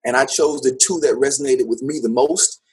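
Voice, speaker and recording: A man, an actor and teacher, telling his story in a casual interview in an upbeat, animated way with frequent laughter. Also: medium pitch, fairly quick, breathy edge. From United States.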